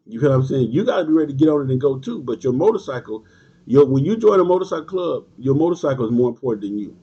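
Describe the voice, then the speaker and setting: Husky man lecturing bikers. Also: mid-range voice, lively intonation, quick pace, dark tone. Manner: emphatic, repetitive, preachy; streetwise slang, talks back to commenters. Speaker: motorcycle club leader. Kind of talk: livestream monologue answering viewers. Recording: dull lo-fi stream audio.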